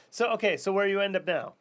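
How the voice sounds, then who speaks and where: A man co-hosting a podcast in loose, casual conversation. His voice sits a little high, and he tells stories animatedly, laughing often and swearing freely. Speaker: podcast co-host. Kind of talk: casual chat.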